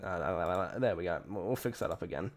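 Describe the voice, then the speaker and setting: A man's voice: deep voice, lively intonation, fast. An Australian man streaming from a home setup, talking casually in a rambling, profane way that keeps breaking off mid-thought. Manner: rambling, profane, self-interrupting. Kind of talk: casual live-stream commentary.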